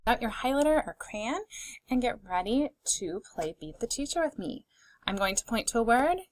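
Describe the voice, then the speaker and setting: A woman teaching a phonics lesson to young children, sounding out words slowly and clearly and encouraging them. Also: fairly high pitch, sing-song, noisy background.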